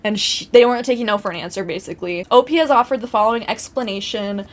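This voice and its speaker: A woman's voice: mid-range voice, quick pace. A young woman from the US Midwest reading online stories aloud and chatting about them, swearing freely and laughing often. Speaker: YouTuber reading Reddit stories. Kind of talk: casual reading and commentary.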